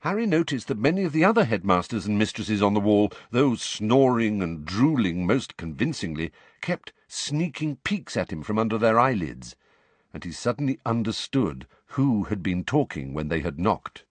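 A man's voice: lowish voice, sing-song, moderate pace, no room sound. A man narrating an audiobook expressively, shifting his voice for the characters.

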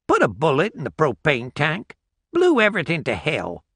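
A man's voice: fairly high pitch, wildly swooping pitch, moderate pace, fairly bright tone, husky, no room sound, voice pushed up, exaggerated voice. A man voicing a laconic old rural backwoods man with clipped, folksy replies.

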